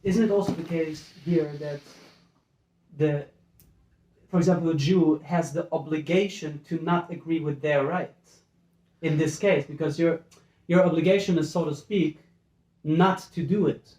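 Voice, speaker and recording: A man's voice: a little high, fairly even intonation, a little slow, long pauses, darkish tone, roomy sound, poor audio. A man, a student in a class, asking a hesitant question.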